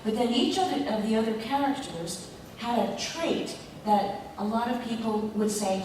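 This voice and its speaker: Woman, convention panelist, thoughtful, halting delivery, heavy room echo, distant mic, faint noise. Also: fairly high pitch, a little mellow. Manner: reflective, halting with pauses and fillers. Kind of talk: panel talk. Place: large convention hall. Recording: echoey hall, mic far off.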